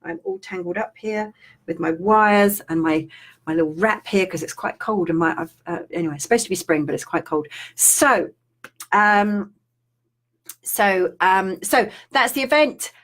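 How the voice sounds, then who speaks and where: A woman's voice: medium pitch, unhurried, fairly bright tone. A middle-aged woman from Australia with an Australian accent, chatting casually on a live stream as a spiritual coach, rambling with restarts and fillers.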